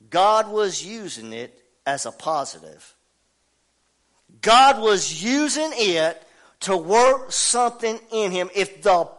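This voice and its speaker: Male preacher, really high voice, bright and sharp, shouting then going quiet, calling out to the church. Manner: fervent preaching, swinging from shouts to low asides; call-and-response with the congregation. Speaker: pastor. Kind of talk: sermon. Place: church service.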